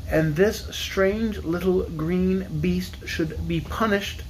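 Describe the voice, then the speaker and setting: A man voicing a grumbling mother dragon just woken from a long nap, speaking in a slow, peevish drawl. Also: high-pitched, a little mellow, a little hiss or hum, pitched above the performer's own voice, low-quality recording.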